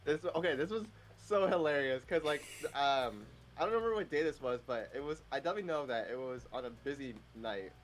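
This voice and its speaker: A young man chatting as a podcast guest, telling a funny work story in a relaxed, halting way. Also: mid-range voice, slight background noise. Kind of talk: casual chat.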